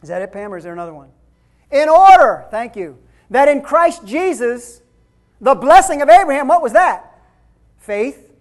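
A woman pastor giving a conversational sermon, asking the congregation questions and building to shouted emphasis. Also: high voice, big pitch swings, moderate pace, pauses often. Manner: conversational preaching with rhetorical questions, rising to shouts.

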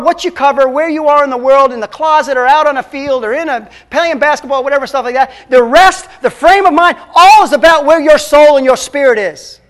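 A man preaching a sermon as a pastor, emphatic and swinging between loud and hushed. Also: very high voice, a little fast, hardly any pauses.

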